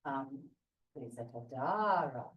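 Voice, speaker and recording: A woman student making brief, soft remarks in class. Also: extremely low pitch, expressive, slow pace, lo-fi sound. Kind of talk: asking in class. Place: synagogue classroom. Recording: distant voice across a classroom.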